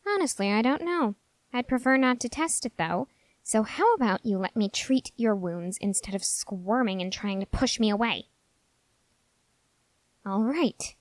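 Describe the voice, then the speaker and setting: A woman's voice: a little high, animated, a little slow, no echo. Girl doing a snarky young cat guy, whispered role-play, scolding but caring, dead dry mic. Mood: sardonic. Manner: dry, sarcastic, mildly scolding. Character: young male cat-hybrid, dry, sardonic, secretly caring.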